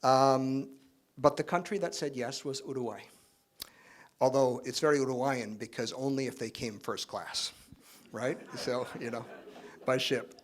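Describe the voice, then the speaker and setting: A middle-aged keynote speaker, Spanish-born and raised in Canada, addresses an awards event in an unhurried, medium-pitched voice. He keeps it relaxed and conversational, with joking asides and plenty of fillers and tag questions.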